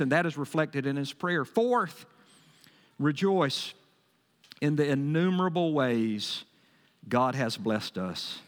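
A male pastor preaching a sermon, emphatic and folksy, swinging between loud bursts and quieter asides. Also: a little high, animated, slow pace, pauses often. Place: church sanctuary. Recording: long hall reverb.

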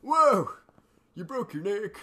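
A man's voice: high-pitched, very animated, slow pace, bright, forceful tone, exaggerated voice. A man playing a rambling, forgetful old man. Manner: goofy, rambling, easily sidetracked. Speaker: podcast co-host. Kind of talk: improvised comedy sketch.

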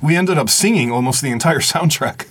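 A man's voice: on the high side, brisk, fairly bright tone, a little hiss or hum. A man co-hosting a podcast in a studio, chatting casually and joking with blunt opinions. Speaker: podcast co-host. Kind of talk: casual chat. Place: recording studio.

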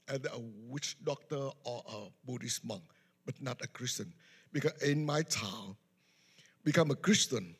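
Husky-voiced preacher telling his testimony. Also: mid-range voice, big-room sound. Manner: non-native English, simple broken grammar. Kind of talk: sermon testimony storytelling.

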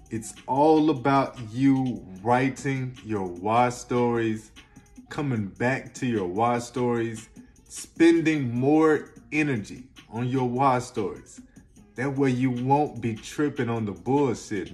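A mid-pitched self-help video host talks casually to camera in a motivational vlog, with light music playing under him. He's energetic, slangy, and emphatic, swinging between loud and soft, and at times seems close to tears.

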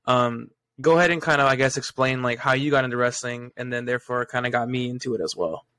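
Young man, podcast host, bright voice, dry close sound, casual eager chat. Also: mid-range voice, fast talker, dry recording. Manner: eager, asks and chimes in.

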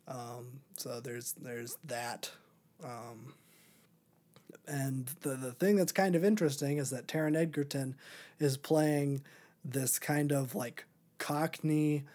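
A man's voice: mid-range voice, mellow. A man hosting a podcast, chatting casually through a movie review with many ums and restarts. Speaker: podcast host.

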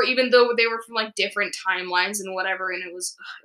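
A woman's voice: mid-range voice, fairly even intonation, quick pace, a bit bright, roomy sound, poor audio. A young woman hosting a casual chat, rambling enthusiastically as a fan and asking her friends questions.

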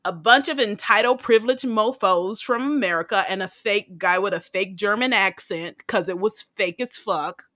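Bright-voiced woman podcast host, blunt and profane. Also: mid-range voice, moderate pace, few pauses. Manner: blunt, profane, digressive, laughs often. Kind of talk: casual chat.

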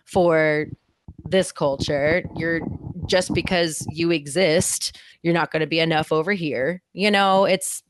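Very low-voiced woman, direct and candid. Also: steady tone, a little slow, a little hiss or hum. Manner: direct and candid, telling stories with laughter. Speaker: podcast guest. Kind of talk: casual podcast conversation.

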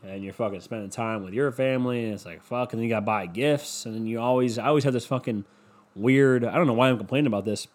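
A man's voice: mid-range voice, fast talker. A man rambling through a casual solo monologue at home, swearing often and putting himself down. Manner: rambling, profane, self-deprecating.

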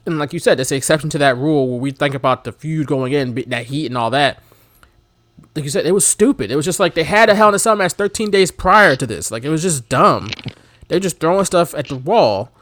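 A man co-hosting a casual wrestling chat, animated, laughing often and shouting out imitations of commentators. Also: fairly high pitch, brisk, dry recording, clean studio sound. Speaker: podcast co-host.

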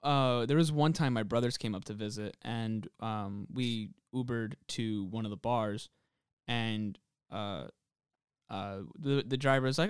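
A man's voice: mid-range voice, normal speed, clear, resonant tone, no room sound, studio quality. A young man telling a story in casual comedic chat, acting out the voices of the people in it. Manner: animated storyteller, acts out voices. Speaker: podcast co-host.

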